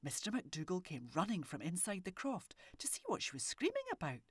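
A woman reading a children's story aloud with expressive, animated delivery and soft whispery asides. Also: fairly low pitch, fairly quick, breathy edge, dry recording, clean studio sound. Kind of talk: storybook narration.

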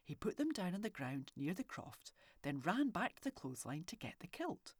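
A woman reading a children's story aloud with expressive, animated delivery and soft whispery asides. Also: fairly low pitch, moderate pace, slightly rough, dry recording. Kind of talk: storybook narration.

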